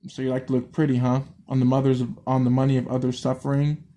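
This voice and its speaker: A man's voice: medium pitch, monotone, fast, dark tone, lightly acted. A man reading aloud the lines of a cruel, mocking young woman killer in a horror story, stumbling and restarting as he goes.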